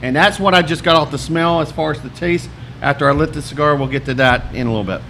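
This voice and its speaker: A man's voice: a little high, fast talker, vocal fry, bright, forceful tone, a little hiss or hum. A man co-hosting a casual podcast chat, jokey and talkative, giving detailed tasting notes. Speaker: podcast co-host.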